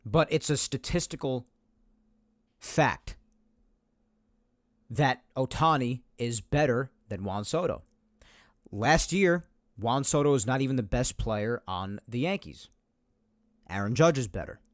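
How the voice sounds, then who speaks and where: A man's voice: medium pitch, expressive, slow, long pauses, no room sound, studio quality. A man hosting a solo sports podcast, making his points emphatically and repeating them to drive them home. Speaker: podcast host. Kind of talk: opinionated solo sports talk.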